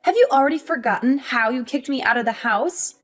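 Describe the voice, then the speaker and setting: A woman voicing a hurt but defiant young adult daughter in an animated story, talking in an earnest, emotional way. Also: high-pitched, brisk.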